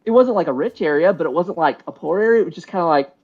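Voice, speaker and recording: Guy rambling w lots of likes, kinda high voice, dull lofi sound. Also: animated, fast talker. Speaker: podcast co-host. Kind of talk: casual chat.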